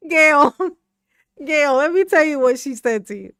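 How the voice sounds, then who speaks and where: Sassy woman reacting to clips, high voice, profane, laughs a lot. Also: animated, moderate pace, fairly bright tone, no echo, clean studio sound. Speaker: reaction channel host. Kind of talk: casual commentary on a clip.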